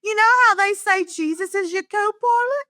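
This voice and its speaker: A woman's voice: very high-pitched, normal speed, bright, forceful tone, no echo, studio quality, voice pushed up. A woman doing a put-on British accent as an exasperated wife scolding her husband in a comedy sketch.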